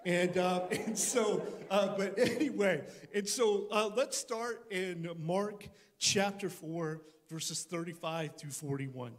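A man preaching a sermon as pastor before a church congregation, animated, with joking asides and frequent restarts. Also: sits high, takes it slowly, few pauses.

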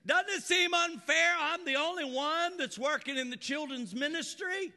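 Martha, a man putting on a high whiny woman. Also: measured pace, creaky, sharp tone, long reverb tail, full character voice. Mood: aggrieved. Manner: nagging, exasperated pleading. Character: whiny put-upon woman complaining. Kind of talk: sermon storytelling.

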